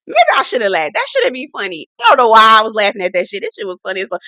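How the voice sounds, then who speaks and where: A woman hosting a casual TV recap, sassy, animated and full of profanity. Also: fairly high pitch, a little fast, pauses often, dry recording. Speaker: TV recap host. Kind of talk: casual chat.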